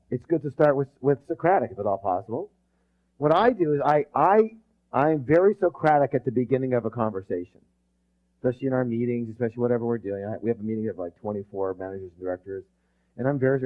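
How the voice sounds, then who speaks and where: A man giving a live leadership seminar, lively and calling on the audience to answer back. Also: medium pitch, normal speed, narrow, tinny audio. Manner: energetic, quizzes the audience with call-and-response.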